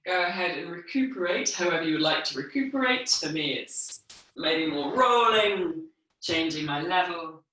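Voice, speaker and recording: A woman teaching a movement class, calmly cueing while she exercises on the floor, a little out of breath. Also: on the low side. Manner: calm, unhurried cueing while moving on the floor. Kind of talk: guided movement class instruction. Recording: echoey room, mic far off.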